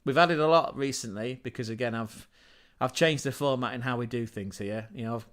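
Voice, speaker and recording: A man's voice: medium pitch, a little fast, fairly bright tone. Male streamer with a mid-range voice, chatting off the cuff, scattered and self-mocking, with lots of restarts. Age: adult parent. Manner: scatterbrained, digressive, self-deprecating, frequent restarts and chuckles. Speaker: channel host and livestreamer. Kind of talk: casual rambling livestream chat.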